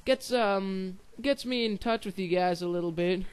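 High, smooth-voiced young gamer guy. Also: measured pace, few pauses. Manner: rambling, giggly, self-deprecating. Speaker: gaming channel host. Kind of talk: casual gameplay commentary.

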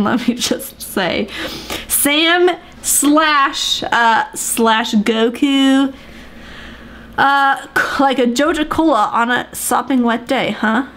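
A woman's voice: sits high, fairly bright tone, a little hiss or hum. A woman hosting a let's play of a farming game, playful and chatty, full of gasps and asides. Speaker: gaming video host.

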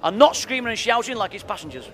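A man's voice: sits high, very animated, fast talker, over music. A man from Liverpool with a Liverpool accent, doing a stand-up comedy routine of punchy one-liners on stage. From Liverpool, England. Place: on stage in a venue before a live audience. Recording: echoey room, far mic, crowd noise. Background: audience and room ambience.

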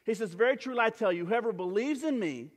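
A man's voice: high-pitched, lively intonation, fast. A man preaching a sermon as pastor in a church sanctuary, talking conversationally with many fillers and restarts. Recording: church hall with long reverb.

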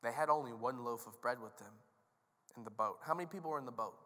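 A man's voice: mid-range voice, fast. Male pastor preaching, chatty and jokey, tells it like a story, big echoey church. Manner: conversational, joking, animated storytelling. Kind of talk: sermon. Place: church sanctuary. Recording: long reverb of a large hall.

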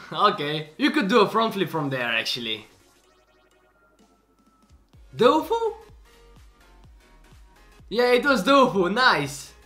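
Excitable man, lively pitch. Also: moderate pace, hardly any pauses, soft background music. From Bulgaria. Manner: excitable, exclaiming and laughing often. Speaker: host. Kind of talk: reaction video commentary.

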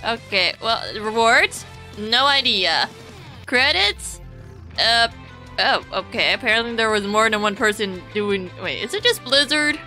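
A woman's voice: fairly high pitch, expressive, a little slow, bright, forceful tone, soft background music, low-quality recording. A young woman streaming a game, commenting in a sarcastic, crude way and laughing often.

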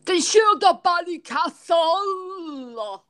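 A woman putting on a mock Irish accent to play a loud, brash, swearing Irish man. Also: animated, heavily acted. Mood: rowdy. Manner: shouted, high, drawn-out.

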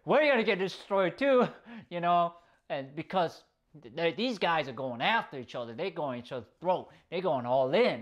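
A man giving a casual, excitable episode review, swearing often and rambling through restarts. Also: mid-range voice. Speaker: video reviewer.

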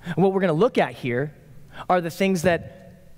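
A man in his forties, a pastor giving a casual, conversational sermon in an animated, playful way. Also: high-pitched, normal speed. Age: 40s. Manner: animated, playful, acts out quotes. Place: church sanctuary. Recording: long reverb of a large hall.

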